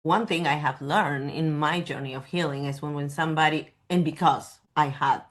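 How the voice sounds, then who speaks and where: A woman's voice: sits low, moderate pace. A woman hosting a podcast interview, affirming and empathetic in her replies. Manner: affirming, empathetic, short agreements. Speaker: podcast host. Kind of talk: conversational interview.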